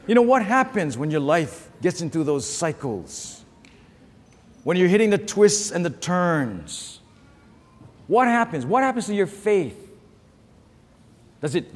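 A middle-aged man preaching a sermon, telling stories with lively call-and-response to the congregation. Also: on the high side, in a large hall. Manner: animated, storytelling with call-and-response. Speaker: pastor.

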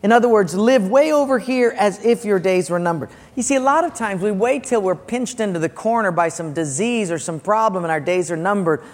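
A man preaching a sermon as pastor, animated in his storytelling and acting out characters with loud bursts. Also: sits high, fairly quick, few pauses, in a large hall.

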